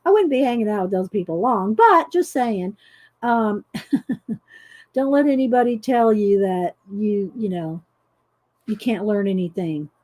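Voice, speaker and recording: A woman's voice: mid-range voice, expressive, a little slow, a little mellow. A middle-aged woman, hosting a casual coloring livestream, chatty and laughing often as she greets viewers. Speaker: livestream host demonstrating coloring.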